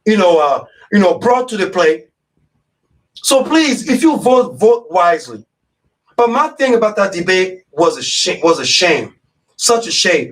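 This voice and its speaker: A man's voice: high-pitched, a bit bright, recorded from a distance, rough recording. A man hosting a live radio talk show, speaking in an impassioned, repetitive way and calling his listeners y'all.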